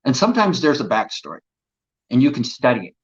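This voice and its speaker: A man's voice: mid-range voice, very animated, quick pace, breathy edge, dull audio. A man, an actor as an interview guest, telling earnest, reflective stories about his craft. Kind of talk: casual interview chat.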